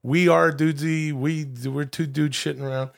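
A man's voice: fairly high pitch, flat delivery, moderate pace, vocal fry. A man from Canada co-hosting a comedy podcast, joking and swearing through a vlog recap. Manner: jokey, swears a lot, drawls signs in a put-on Canadian accent. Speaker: podcast co-host. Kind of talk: casual comedic chat and vlog commentary.

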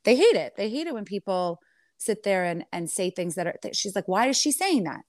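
Reality star woman, sassy and animated, mid-pitched voice, dry close mic. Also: fairly quick, dry recording. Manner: animated, sassy, calls listener honey. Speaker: reality TV star giving an interview. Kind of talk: candid storytelling interview.

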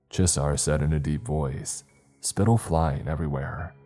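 A man narrating a scary story in the first person, steady and dramatic. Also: very deep voice, moderate pace, soft background music. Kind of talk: scripted horror story narration.

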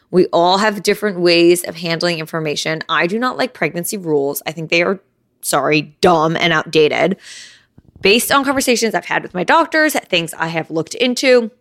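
A young woman hosts her own podcast solo, talking candidly, a bit out of breath, and saying "like" often. Her lowish voice has lively intonation, a moderate pace and a slightly bright tone. Recorded on a phone, the sound is clean and studio-like with no echo.

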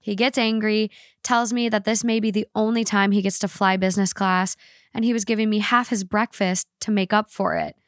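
A woman's voice: mid-range voice, a little fast, dry recording. Woman reading a story aloud, dry sound. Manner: expressive storytelling read. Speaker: podcast co-host reading a story. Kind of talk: reading aloud, then casual chat.

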